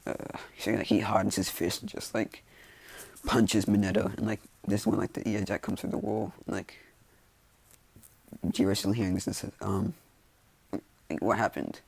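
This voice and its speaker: Rambling gravelly young man telling a story. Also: fairly low pitch, level tone, normal speed, pauses often, darkish tone, no echo. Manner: rambling, many fillers like "like" and "you know". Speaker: fan storyteller. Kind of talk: casual improvised fan-fiction narration. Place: indoors with rain outside.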